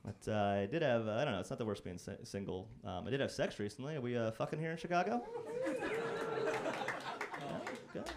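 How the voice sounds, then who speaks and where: A young man performing a stand-up set in a comedy club, wry and self-deprecating, breaking into loud mock-singing and shouted impressions. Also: mid-range voice, expressive, fairly quick, creaky, long pauses, a crowd in the background, noisy background. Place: comedy club stage before a live audience.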